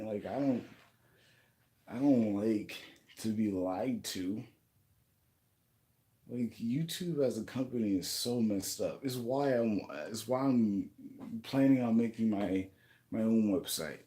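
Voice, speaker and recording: A man records an angry, profane vlog rant indoors in a rented home. His voice is lowish and dark, and he talks slowly, stopping and restarting his sentences as he vents. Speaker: YouTuber.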